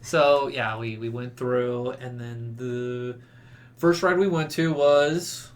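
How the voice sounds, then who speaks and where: A man's voice: medium pitch, takes it slowly. A man telling trip stories in casual podcast chat, acting out quotes and laughing as he goes. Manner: animated storyteller, acts out quotes with laughter. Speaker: podcast guest recounting a trip.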